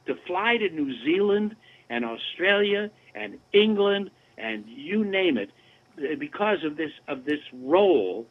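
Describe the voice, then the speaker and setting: A man in his seventies, a voice actor guest telling animated, chatty anecdotes in a casual interview over a remote call. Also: high-pitched. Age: 70s. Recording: tinny phone-like line.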